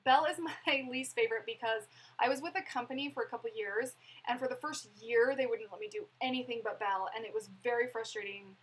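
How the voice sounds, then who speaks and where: A woman's voice: a little high, quick pace, hardly any pauses, husky, poor audio. A young woman chatting casually on a live stream, rambling and laughing as she answers viewers' questions. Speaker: vlogger answering live chat.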